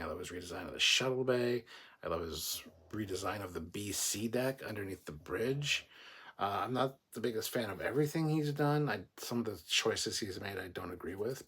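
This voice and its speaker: Husky low-voiced man chatting on a livestream. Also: a bit bright. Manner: joking, chatty, rambling with restarts. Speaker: livestream host. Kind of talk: casual livestream chat, reading viewer comments.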